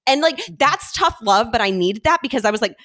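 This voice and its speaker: A woman's voice: a little high, animated, a little fast, a bit bright, no echo, clean studio sound. A young woman, telling her life story as a guest in a casual podcast interview, chatty and candid, with a lot of quoted dialogue.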